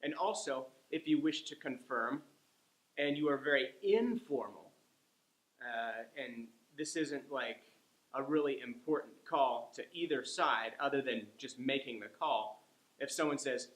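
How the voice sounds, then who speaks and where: A man's voice: medium pitch, measured pace, fairly bright tone, reverberant, low-quality recording. A man teaching an English lesson, explaining patiently and acting out sample phone lines.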